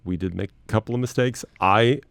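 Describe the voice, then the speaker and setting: A male radio host telling stories in relaxed studio banter, with lively retellings of what happened. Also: on the low side, gravelly, no echo. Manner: fast storytelling, animated retelling. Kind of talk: casual studio chat. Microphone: studio mic.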